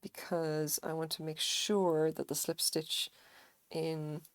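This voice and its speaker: Woman streamer, low gravelly voice, dry close sound, chatty and salty, talks herself through crochet rows. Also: flat delivery, slow, dry recording. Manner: chatty, swears casually, mutters pattern notes to herself. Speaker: crochet livestreamer. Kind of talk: casual live-stream chat while crocheting.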